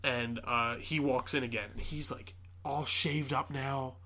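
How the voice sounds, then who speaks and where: A man's voice: mid-range voice, unhurried. A young man hosting a podcast, casually retelling a film scene by scene, acting out the characters and swearing often. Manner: animated storyteller, acts out scenes, swears often. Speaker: podcast host. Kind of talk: casual movie recap chat.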